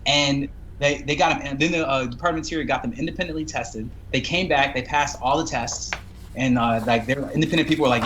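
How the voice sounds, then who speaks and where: A man who is a guest on a live stream, telling stories in a casual, animated way and acting out quotes. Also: medium pitch, quick pace, a little hiss or hum, rough recording. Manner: animated storytelling with acted quotes. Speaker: guest drone entrepreneur.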